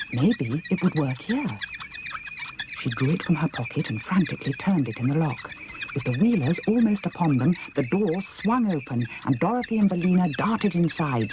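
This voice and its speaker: A woman with a British accent narrating a children's audiobook in an expressive, dramatic storytelling manner. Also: deep voice, noisy background. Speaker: audiobook reader.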